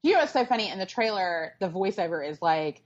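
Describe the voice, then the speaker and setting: A woman co-hosting a casual pop-culture podcast, talking in a sarcastic, animated way. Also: medium pitch, brisk. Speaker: podcast co-host. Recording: dull lo-fi sound.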